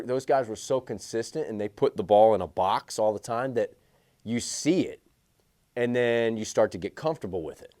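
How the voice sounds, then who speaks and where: A man's voice: medium pitch, darkish tone. A man coaching a group of baseball players on hitting, blunt and emphatic, hammering his key points home by repeating them.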